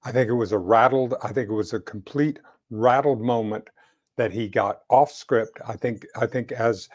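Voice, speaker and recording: A man co-hosting a casual political chat show, talking in halting bursts with many restarts. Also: medium pitch, darkish tone. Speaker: co-host.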